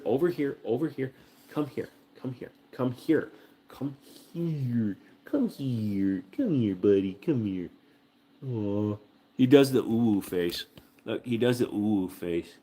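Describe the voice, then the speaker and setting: A man's voice: medium pitch, expressive, slow pace, long pauses, darkish tone. A man hosting a casual livestream from home, joking with profanity and cooing baby talk to his dog. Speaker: livestream host.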